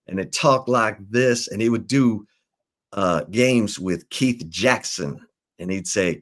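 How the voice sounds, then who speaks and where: Laid-back low-voiced sports show host. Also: male voice, takes it slowly. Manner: relaxed, rambling, with fillers and restarts. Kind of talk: casual sports talk and storytelling.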